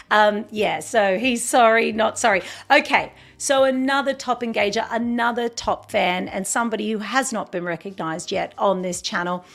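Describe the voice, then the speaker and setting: A woman's voice: mid-range voice, normal speed, vocal fry, few pauses, faint music behind. A woman hosting a livestream in casual, rambling chat, full of fillers and restarts. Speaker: livestream host.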